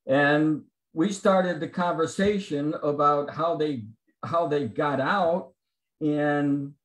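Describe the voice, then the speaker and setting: Man, personal testimony, animated storyteller, acts out dialogue, fairly high voice, echoey video call audio. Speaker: guest giving a testimony at a men's Bible study. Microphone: computer mic on a video call.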